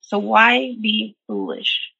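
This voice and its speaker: A woman voicing a booming, commanding coyote. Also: little pitch movement, measured pace, a bit bright, husky, no room sound, highs cut off. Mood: stern. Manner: booming, ordering. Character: commanding male coyote, stern trickster elder.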